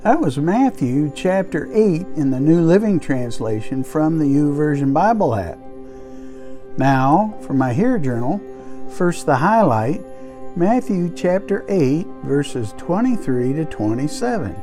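A male podcast host talks slowly and reflectively, walking through a scripture highlight and his own notes on it. His voice sits a bit high and moves through a lively pitch range. Music plays clearly underneath him. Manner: unhurried, reflective explaining. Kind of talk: devotional journaling commentary. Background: background music.

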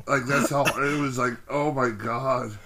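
A man's voice: mid-range voice, fairly even intonation, a little slow, very noisy. A man co-hosting a casual podcast, telling rambling, exasperated stories about wrestling. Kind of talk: casual chat.

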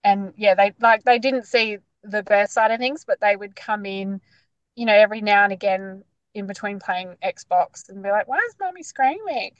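A woman's voice: mid-range voice, normal speed, smooth, no echo, lo-fi sound. Chatty woman, dry close sound. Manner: chatty, animated, lots of "like" fillers. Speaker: guest sharing her birth story. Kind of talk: casual storytelling.

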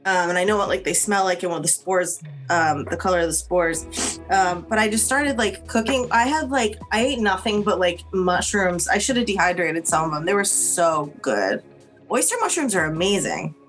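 Young woman, podcast co-host, animated and profane, faint music bed. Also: on the low side, normal speed. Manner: animated, swears freely. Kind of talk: casual chat.

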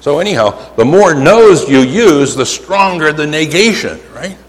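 A male preacher from Pennsylvania with a Pennsylvania accent, telling stories in an animated sermon and stretching out emphatic words, often asking "right?". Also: on the high side, measured pace, slight background noise. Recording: hall reverb, faint ambience.

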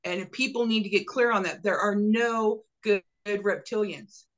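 A man's voice: sits high, moderate pace, a bit bright, dull audio. A man hosting a podcast, talking insistently and repeating himself as he tells stories. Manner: insistent, repetitive, storytelling. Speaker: podcast host. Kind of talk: casual podcast chat.

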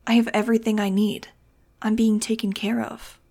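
A dazed teenage boy lost in a cult's promises speaks dreamily and earnestly, as a woman reads him out in an audiobook. The voice has a gravelly edge. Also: mid-range voice, fairly even intonation, normal speed, lightly acted. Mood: dreamy. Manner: dreamy, earnest, then shouting. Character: dazed teenage boy, fanatical cult follower.

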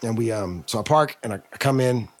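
A man talking as a podcast guest, telling a long story in slangy, rapid speech with many restarts. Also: medium pitch, lively intonation. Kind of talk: conversational storytelling.

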